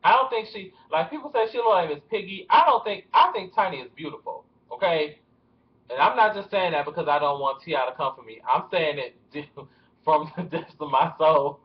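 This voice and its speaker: Briskly and with a fairly high voice, a young vlogger chatters his way through celebrity gossip, punctuated by nervous laughter. It's a casual video shot in a room at home, with dull lo-fi webcam sound.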